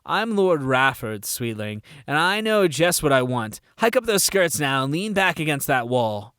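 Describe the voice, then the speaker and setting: Guy reading a coarse leering guard, smooth voice, dry and close. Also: on the high side, very animated, a little slow, fairly bright tone, no echo. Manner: coarse and swaggering. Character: crude, lecherous male guardsman. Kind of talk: audiobook character voice.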